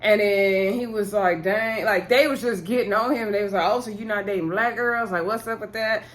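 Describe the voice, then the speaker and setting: A woman's voice: medium pitch, moderate pace. A woman speaking, chatting casually as she recaps a reality show and reenacts what the cast said. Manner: chatty, animated retelling with quoted voices and laughs.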